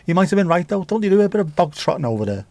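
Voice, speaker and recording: A man's voice: high-pitched, very animated, very fast, warm tone, dry recording. Man, livestream host, casual rambling chat, swears a lot, dry close sound. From England. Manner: rambling, swears freely, jokey asides. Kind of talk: casual chat reading viewer comments.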